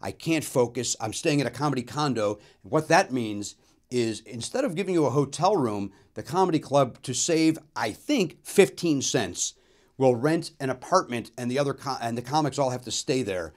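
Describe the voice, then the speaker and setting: A man in his fifties, a comedian and show host, telling a comic story with sudden loud outbursts and quick asides. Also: mid-range voice, expressive.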